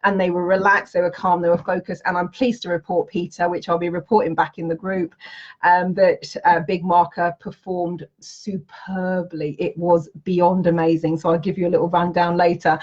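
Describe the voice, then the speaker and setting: A woman's voice: on the low side, little pitch movement, normal speed. A woman reading tarot and chatting with viewers on a live stream, bubbly and enthusiastic and laughing often. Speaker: tarot reader and trainer. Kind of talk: Facebook Live chat with viewers. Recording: slightly dull lo-fi stream audio.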